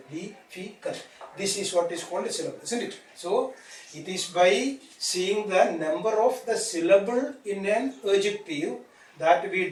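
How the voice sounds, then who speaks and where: A man teaching an English grammar class, repeating points and asking tag questions to check understanding. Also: high-pitched. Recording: echoey room from far off, faint noise.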